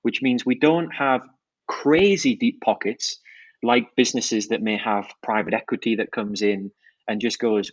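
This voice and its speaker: A man's voice: mid-range voice, steady tone, unhurried, breathy edge, no room sound, muffled recording. A man, a brand founder, talking enthusiastically about his business in a podcast interview. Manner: enthusiastic, fluent product talk with restarts. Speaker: watch brand founder, guest.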